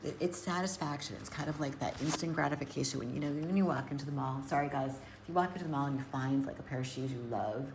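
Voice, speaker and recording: A woman with a very low, gravelly voice rambles chattily to her viewers while tending plants indoors, talking through each step. Steady noise hums underneath her voice throughout. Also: fast, few pauses. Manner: chatty, rambling, thinks aloud while working. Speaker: hydroponic gardener and nutrition coach. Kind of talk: casual live chat to viewers. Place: indoor grow room.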